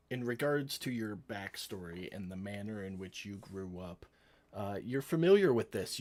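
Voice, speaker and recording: A man narrating as dungeon master in a casual tabletop game, laughing often as he talks. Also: on the low side.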